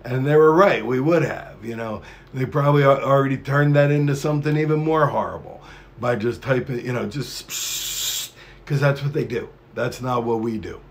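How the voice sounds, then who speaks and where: A man's voice: medium pitch, normal speed, gravelly. A man hosting a live stream, rambling in a profane, conspiratorial monologue to his chat.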